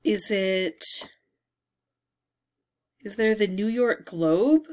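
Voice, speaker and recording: A woman talks her way through a word puzzle at her desk, reading the words aloud one at a time. Her pace is very slow and unhurried, and her voice sits at an ordinary pitch. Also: a little mellow. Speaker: word game video host. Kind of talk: casual puzzle talkthrough.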